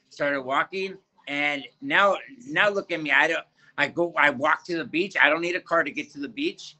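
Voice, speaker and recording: A man giving a fervent personal faith testimony in an interview, halting and often repeating his words. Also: a little high, pushed and bright, poor audio.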